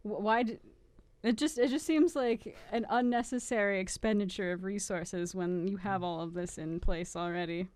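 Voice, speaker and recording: A woman's voice: medium pitch, moderate pace, darkish tone, dry recording. A woman co-hosting a podcast, explaining things casually and with enthusiasm. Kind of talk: casual chat.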